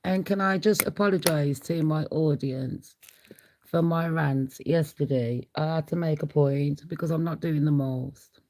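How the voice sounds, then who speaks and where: Slow, gravelly woman chatting on stream. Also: sits low, darkish tone, a little hiss or hum, poor audio. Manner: chatty, blunt, laughs often. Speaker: livestream host. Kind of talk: casual livestream chat.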